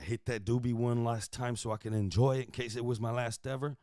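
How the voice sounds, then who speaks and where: Profane, animated man telling a story. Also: mid-range voice, quick pace, dry recording, studio quality. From Houston. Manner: animated, profane, swings from loud to hushed. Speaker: podcast host. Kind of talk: casual storytelling.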